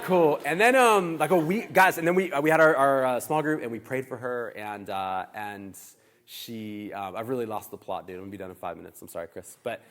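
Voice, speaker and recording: Pastor man in a reverberant hall. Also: medium pitch. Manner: animated, chatty, acts out dialogue. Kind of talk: sermon storytelling. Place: church hall.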